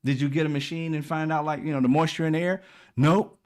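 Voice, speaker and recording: A man's voice: fairly even intonation, fast talker. A man hosting a political commentary show, ranting casually in a profane, exasperated, mocking way. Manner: swings from loud and high to low and quiet.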